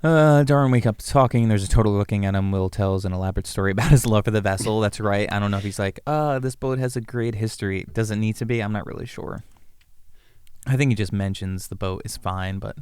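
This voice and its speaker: A man with a low, smooth voice in a dry, close-miked room, talking through comedy scenes in relaxed chat. He walks through the beats one at a time and drops into quick acted lines of dialogue along the way. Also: no echo. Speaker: podcast co-host, comedy writer. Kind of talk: casual writing-room chat.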